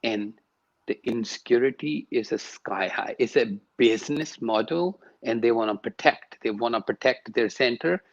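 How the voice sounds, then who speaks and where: A man's voice: medium pitch, normal speed, muffled recording. A man, a yoga and sound teacher, speaking emphatically as a guest in an interview and repeating words to stress his points. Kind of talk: interview conversation.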